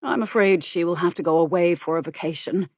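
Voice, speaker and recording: A woman voicing a controlled, serious man who speaks in an earnest, measured way and is quietly worried and persuasive, for an audiobook. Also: on the low side, dry recording, clean studio sound, close to an everyday voice.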